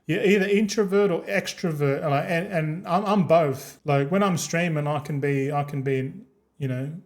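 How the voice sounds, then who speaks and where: Laid-back swearing Australian streamer. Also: male voice, on the high side. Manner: laid-back, rambling, swears freely, laughs often. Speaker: game streamer. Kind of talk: casual stream chat.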